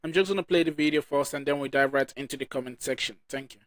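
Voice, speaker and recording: A man's voice: mid-range voice, no echo. A man hosting a reaction channel who reads viewer comments aloud, often stumbling and restarting lines. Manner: halting reading with restarts.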